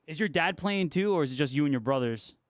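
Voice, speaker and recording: A man's voice: a little high, animated, fast talker, dry recording, studio quality. A young man hosting a guitar livestream, chatting casually with viewers, laid-back and swearing freely. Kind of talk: casual chat reading viewer comments.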